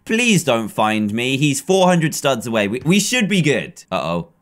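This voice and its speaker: A young English man in his twenties giving excitable, playful gameplay commentary, chatting and often breaking into yelling. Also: mid-range voice, unhurried. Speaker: gaming YouTuber.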